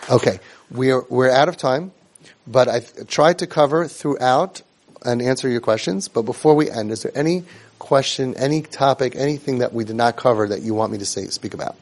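A man's voice: mid-range voice, normal speed. Middle-aged guy teaching a sibling support group, earnest, lots of rhetorical questions and repeats, drops hebrew and yiddish words. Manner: sprinkles in Hebrew and Yiddish religious terms. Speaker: family support trainer. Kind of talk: instructive talk to a group of young siblings.

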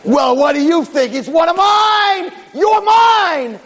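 A man voicing a gleeful male Satan who shouts and gloats as he claims a soul, recorded in an echoey hall. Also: very high voice, animated, takes it slowly, voice pushed up, exaggerated voice. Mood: gloating. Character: gleeful male Satan, prosecutor grabbing souls.

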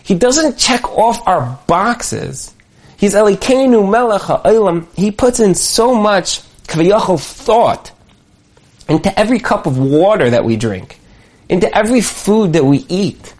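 A man teaching a Torah class in a lively way, often acting out imagined dialogue. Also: high-pitched, unhurried. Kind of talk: animated religious class.

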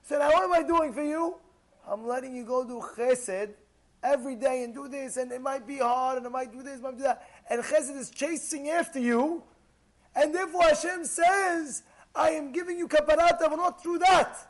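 A man with a very high voice teaches a religious lesson. He is animated, often repeats phrases for emphasis, and slips into acted-out bits of dialogue as he explains. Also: normal speed. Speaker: rabbi. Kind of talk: Torah lesson to listeners.

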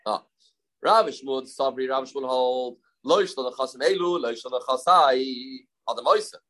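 A man's voice: mid-range voice, rough recording. A man teaching a Talmud lesson step by step, repeating his key points and mixing Aramaic and Hebrew terms into his English.

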